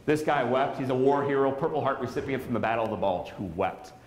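A man's voice: medium pitch, quick pace, slight background noise. A man in his thirties giving an inspirational keynote speech at a school, telling a story dramatically and quizzing the audience. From Saint Louis area. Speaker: motivational speaker. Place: school auditorium. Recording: echoey hall.

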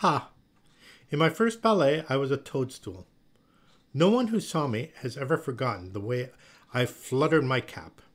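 A man voicing a stern, theatrical woman ballet teacher who gives brisk, dramatic commands while reading a storybook aloud. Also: mid-range voice, animated, lightly acted.

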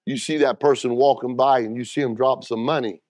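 A man's voice: mid-range voice, fairly even intonation, brisk, darkish tone, no echo, clean studio sound. A middle-aged man preaching a sermon as pastor, talking plainly and directly to the congregation and calling for responses.

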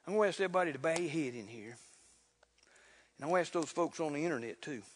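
A man preaching a sermon in a folksy, fervent way, building to loud exclamations. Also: on the high side, expressive, fast. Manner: folksy, repeats "look here". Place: church sanctuary. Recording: reverberant church hall.

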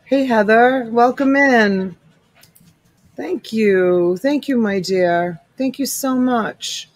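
A woman's voice: on the high side, takes it slowly, dry recording, poor audio. A middle-aged woman hosting a live-stream sale in casual chat, greeting viewers by name and calling them honey and sweetheart. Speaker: live-stream reseller host. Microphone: USB desk mic.

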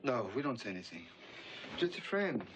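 An actor playing an easygoing French man with a French accent, who speaks broken English haltingly and searches for words. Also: medium pitch, very animated, natural voice. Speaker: Frenchman staying as a guest in a New York apartment. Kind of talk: 1990 film romantic comedy acting. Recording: film soundtrack with background noise.

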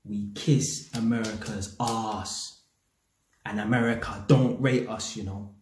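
A man's voice: lowish voice, steady tone, slow pace, a little mellow, slight background noise. London man, blunt commentary, street slang, swearing, echoey room. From England. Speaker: YouTube commentator. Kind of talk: casual opinion rant.

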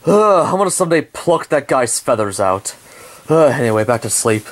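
A man's voice: mid-range voice, very animated, moderate pace, close to an everyday voice. A man voicing a gloomy, grumpy dog who grumbles in an amateur toy drama. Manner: glum, grumbling.

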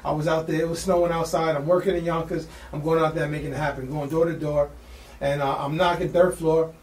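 A man, telling a wild story as a podcast guest, slangy and excited, acting out the people in it. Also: a little high, fairly quick, reverberant, recorded from a distance. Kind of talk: animated storytelling.

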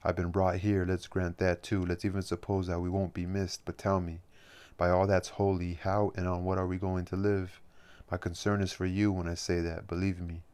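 A man's voice: low-pitched, flat delivery, moderate pace, a little mellow, clean tone, no room sound, close to an everyday voice. A man reading as an ironic, weary writer. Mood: anxious. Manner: ironic, exasperated.

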